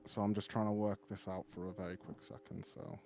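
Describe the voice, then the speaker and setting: A man's voice: on the low side, little pitch movement, brisk, over music. A man running a tabletop game as dungeon master, narrating casually and thinking aloud while he works out the rules. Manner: laughs often, thinks aloud while counting.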